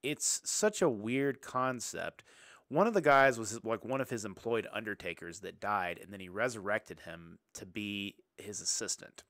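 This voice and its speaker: Low-voiced man, dry close sound. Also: expressive, moderate pace, fairly bright tone, no room sound. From Southern US. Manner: rambling, lots of filler and restarts, swears casually. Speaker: podcast co-host. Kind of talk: casual movie chat.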